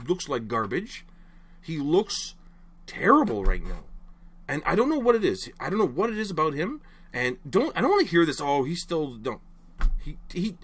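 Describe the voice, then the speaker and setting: A man's voice: a little high, a bit bright, husky. Exasperated young man ranting about hockey. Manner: exasperated, rambling, apologizes after outbursts. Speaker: hockey fan vlogger. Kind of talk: casual rant to camera.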